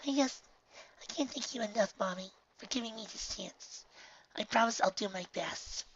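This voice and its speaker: A man's voice: sits high, moderate pace, a bit bright, highs cut off, slight background noise, voice pushed up. Dinky, a man doing an earnest young filly.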